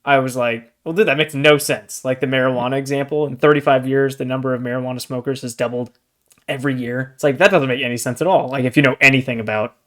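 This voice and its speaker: A young man co-hosting a book podcast, talking in a chatty, animated way and often saying "dude" and "like". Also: medium pitch, quick pace. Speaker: podcast co-host. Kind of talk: casual book discussion.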